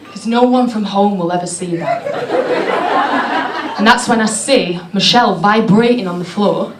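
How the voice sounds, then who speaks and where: A woman doing stand-up, telling stories in a deadpan, self-mocking way. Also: mid-range voice, normal speed. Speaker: stand-up comedian. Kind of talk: stand-up comedy. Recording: echoey venue with clear background noise.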